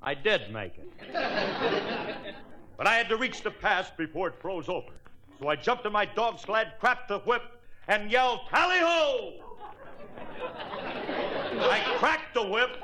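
A man's voice: sits high, lively intonation, moderate pace, a crowd in the background, background noise. Blustering, boastful man. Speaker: comedy show star. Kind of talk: 1940s radio comedy.

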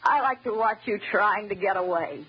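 A woman playing an unhinged, vengeful escaped wife who taunts her husband slowly and menacingly, in old-time radio drama style. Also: mid-range voice, slightly rough. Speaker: escaped asylum patient wife. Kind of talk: 1940s radio acting. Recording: dull old radio broadcast, faint hiss.

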